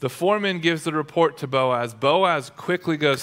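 A male pastor delivering a sermon with energy and a conversational tone. His voice sits a little higher than most men's. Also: normal speed, hardly any pauses, fairly bright tone.

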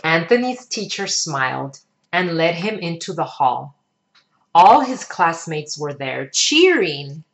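Woman reading a storybook, slow and sing-song. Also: low-pitched, sing-song. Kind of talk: reading a children's picture book aloud.

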